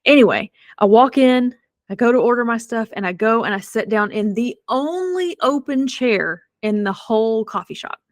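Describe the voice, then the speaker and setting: A middle-aged woman hosting a podcast, telling a personal story in a chatty, animated way with self-deprecating humor. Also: fairly high pitch, normal speed, dry recording, clean studio sound. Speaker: podcast host. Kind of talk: casual storytelling.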